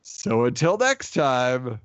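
Chatty podcast host with a dull, dry sound. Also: male voice, mid-range voice, sing-song, slow pace, dry recording. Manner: chatty, rambling with restarts. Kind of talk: casual podcast chat.

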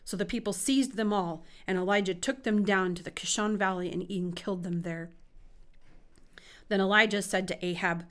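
Woman reading scripture aloud, expressive. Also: medium pitch, normal speed. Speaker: Bible reader.

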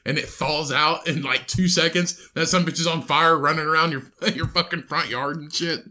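A young man co-hosts a casual podcast in a bright, slightly sharp voice that sits a bit high. He rambles through profane stories and swears freely. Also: steady tone, brisk. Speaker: podcast co-host.

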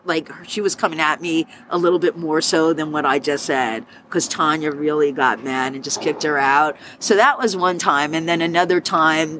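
A woman, a former bartender, telling stories in an interview and acting out the people she quotes. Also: a little hiss or hum. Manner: animated, acts out quoted voices with sharp pitch jumps. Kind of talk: storytelling interview.

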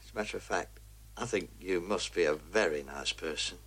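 An actor playing a smitten young man who earnestly flatters a woman in 1960s film dialogue. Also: low voice, brisk, slightly rough, exaggerated voice. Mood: flattering. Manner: earnest, eager compliments. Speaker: film character.

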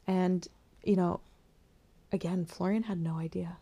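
Woman, young adult, podcast host, candid personal storytelling, warm mellow tone, slightly low. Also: steady tone, measured pace, breathy edge. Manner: candid and reflective, with soft laughs and whispered asides. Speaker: podcast host sharing her birth story.

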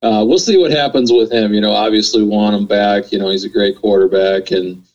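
A man's voice: fairly low pitch, a little fast, darkish tone, dull audio. A man from Wisconsin, a pro angler guest, answering in an easygoing way with many fillers over a remote line. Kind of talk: casual interview answers.

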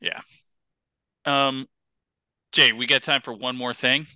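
A man co-hosting a podcast, chatting casually and telling stories in an animated way, with many "like" fillers. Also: mid-range voice, slow, no echo. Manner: animated storyteller, lots of "like" fillers. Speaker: podcast co-host. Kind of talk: casual chat.

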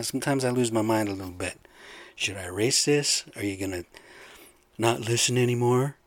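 A man's voice: medium pitch, a bit bright, no echo. Profane, worked-up man ranting. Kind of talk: casual rant.

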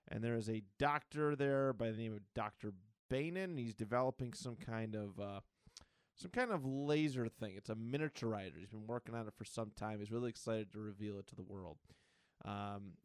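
A man co-hosting a podcast, recapping a comic book in a rambling, excited casual chat. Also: mid-range voice, clean tone, dry recording. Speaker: podcast co-host.

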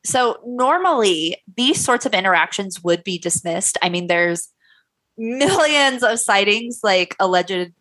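A woman's voice: mid-range voice, lively intonation, measured pace, a bit bright, no echo. A young woman host narrating a story casually, loose and profane, with a sore throat. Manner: loose and profane, many fillers. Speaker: podcast host.

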